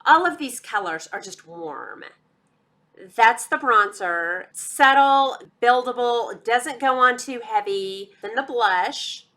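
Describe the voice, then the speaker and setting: Bright-voiced Texan woman reviewing makeup. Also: a little high, expressive, takes it slowly. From Texas. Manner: chatty and enthusiastic, addresses viewers as y'all. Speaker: beauty vlogger. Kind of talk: casual product review.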